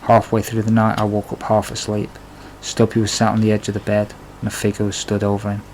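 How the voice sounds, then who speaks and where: Guy reading his memoir, low monotone voice, blunt and confessional, faint background hiss. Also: fairly quick, low-quality recording. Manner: plain, confessional narration with blunt swearing. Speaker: narrator. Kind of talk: memoir storytelling.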